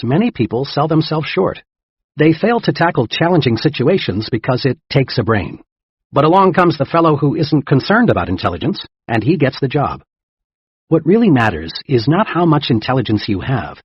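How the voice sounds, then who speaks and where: Man narrating a self-help audiobook, husky. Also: medium pitch, sing-song, normal speed, no echo. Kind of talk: scripted narration. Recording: dull lo-fi dry recording.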